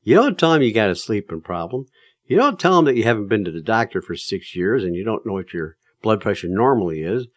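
A man's voice: fairly low pitch, very animated, brisk, dry recording, clean studio sound. A man giving casual, emphatic advice to drivers, telling stories in a plain-spoken way with plenty of fillers.

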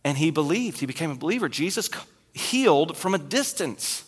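A man preaching a sermon as pastor, retelling scripture with loud emphasis and quiet, dropped asides. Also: a little high, sing-song, fairly quick, husky, long reverb tail.

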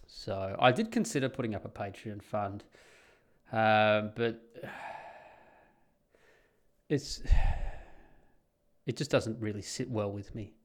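An Australian man talking casually and bluntly on his solo podcast, rambling with sardonic asides. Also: fairly low pitch. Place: home in the Netherlands.

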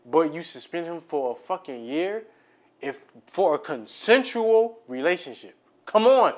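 A man's voice: a little high, expressive, a little slow, a little mellow. A young man co-hosting a podcast in casual sports talk, blunt and profane, arguing his point firmly. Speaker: podcast co-host. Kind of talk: casual sports and music chat.

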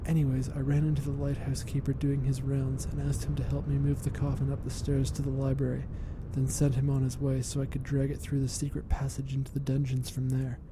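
A man voicing a scheming, murderous young duchess in a hushed, conspiratorial way that sometimes turns to a hiss. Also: completely flat delivery, a little fast, hardly any pauses, close to an everyday voice. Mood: playful. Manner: hushed, conspiratorial, hissing at times. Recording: rumbling background noise.

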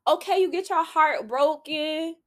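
A woman's voice: high-pitched, measured pace, fairly bright tone. A young woman, hosting a solo podcast and giving candid, preachy advice full of "like" fillers. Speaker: podcast host.

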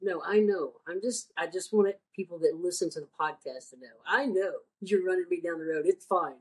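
A woman's voice: lowish voice, a little fast, slightly rough, low-quality recording. A woman co-hosting a podcast who speaks hesitantly and reassuringly, with lots of fillers. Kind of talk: casual chat.

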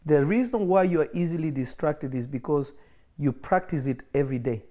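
A man's voice: a little high, brisk, mellow. A man preaching an emphatic livestreamed sermon, repeating phrases for effect, with coughs and laughs between points.

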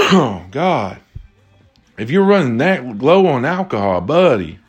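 A man telling a casual story to viewers, animated and exasperated, rambling and repeating himself. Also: mid-range voice, normal speed, breathy edge, soft background music.

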